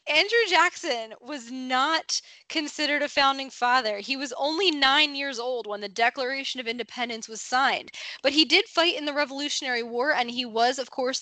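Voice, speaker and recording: A woman's voice: sits high, moderate pace, few pauses, pushed and bright, no echo. A young adult woman co-hosting a casual podcast, explaining facts in a friendly, informative way and laughing easily. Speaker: podcast co-host.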